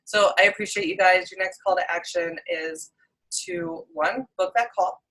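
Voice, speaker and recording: A woman's voice: lowish voice, fairly even intonation, normal speed, a bit bright, low-quality recording. A woman co-hosting a group coaching video call, upbeat and encouraging as she gives listeners their next steps.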